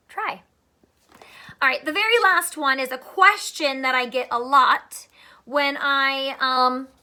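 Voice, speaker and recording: A woman teacher giving a phonics lesson to young children, speaking slowly and clearly in a sing-song, playful way. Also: high-pitched, pushed and bright.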